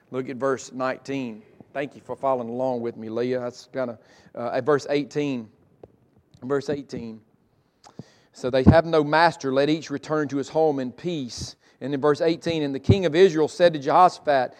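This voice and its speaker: A pastor preaching a sermon with passion, often restarting and repeating his words, and swinging between loud and hushed delivery. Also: medium pitch, normal speed. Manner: frequent restarts and repetitions.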